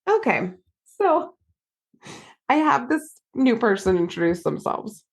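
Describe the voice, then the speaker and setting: A woman's voice: a little high, slow. A woman therapist and podcast host, telling a story in casual chat and acting out the quotes as she goes. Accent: American. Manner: animated storyteller, acts out quotes.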